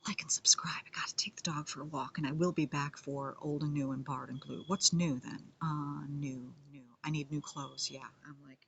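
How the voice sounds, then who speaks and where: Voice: medium pitch, steady tone, moderate pace, vocal fry, few pauses, a bit bright, breathy edge, muffled recording. A comedian and musician in a rambling casual monologue, playful and self-mocking, often drifting into whispers.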